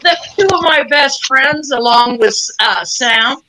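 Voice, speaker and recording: A woman's voice: sits high, slow pace, noisy background. A woman guest on a podcast interview, blunt and outspoken in casual chat. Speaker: guest, retired wrestler.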